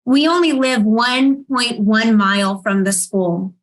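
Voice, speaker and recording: Heartfelt mother on a panel, fairly high voice. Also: rough recording. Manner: heartfelt, halting with ums. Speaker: panel speaker, foundation founder. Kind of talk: personal storytelling talk.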